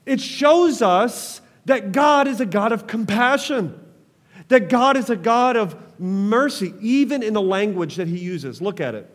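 A man's voice: high voice, animated, a little slow, long reverb tail. A man preaching a sermon as pastor, passionate, calling on the congregation to respond.

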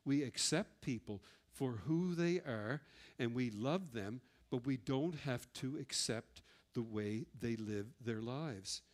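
A middle-aged man preaching a sermon and telling personal stories earnestly. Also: mid-range voice. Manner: earnest storytelling with personal anecdotes. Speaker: pastor.

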